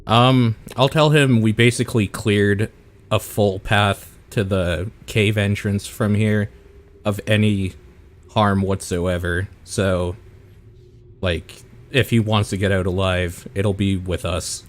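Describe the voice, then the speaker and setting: A man's voice: lowish voice, steady tone, takes it slowly. A man playing a tabletop game, chatting casually and laughing often. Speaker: player.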